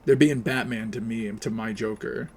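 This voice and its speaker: A man's voice: on the low side, moderate pace, a little hiss or hum. A man, streaming a game and ranting sarcastically with a lot of swearing. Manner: sarcastic, profane, animated. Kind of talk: casual ranting while playing a game.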